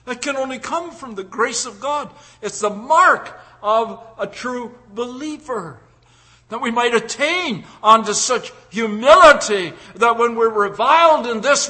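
A man preaching a sermon with emphasis, swinging from loud declarations to hushed pleading and often restarting words mid-phrase. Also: very high-pitched, animated, measured pace.

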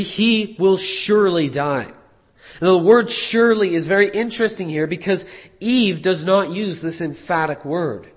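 Male Bible teacher, slightly high voice, measured explanatory delivery, echoey room. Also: fairly bright tone. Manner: measured, explanatory, with frequent fillers and restarts. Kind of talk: explanatory Bible study talk.

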